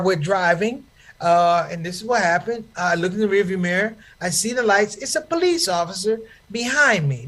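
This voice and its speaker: High-voiced man doing animated stand-up. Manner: animated, preachy address to the crowd. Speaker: stand-up comedian. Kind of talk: stand-up comedy storytelling.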